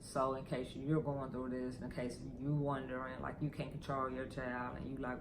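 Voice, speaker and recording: A man records an emotional personal vlog, rambling and cursing freely as he opens up. His voice carries a rough, gravelly fry. The recording has a steady hiss of background noise. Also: medium pitch, fairly quick, few pauses. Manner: rambling, profane, candid. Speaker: vlogger.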